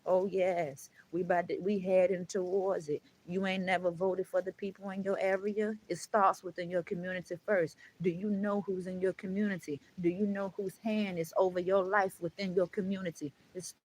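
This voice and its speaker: A woman's voice: lowish voice, flat delivery, normal speed, hardly any pauses, a little mellow, slight background noise, poor audio. A woman vlogger in an emotional monologue to camera, blunt and preachy, swearing often and calling viewers "baby" and "honey.".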